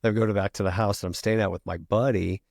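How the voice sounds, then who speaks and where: A middle-aged retired firefighter telling a long story as a podcast guest, casual and profane, peppering every sentence with "freaking". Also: male voice, on the low side, steady tone, quick pace, creaky, darkish tone, no echo, clean studio sound.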